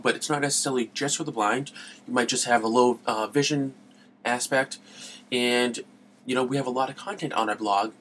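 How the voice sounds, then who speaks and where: A man hosts a gaming podcast in loose, chatty talk, losing his thread now and then and laughing it off. His mid-pitched voice has a gravelly edge, with a faint hiss underneath. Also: fairly bright tone. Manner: rambling, easily sidetracked, laughs at himself. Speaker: podcast host.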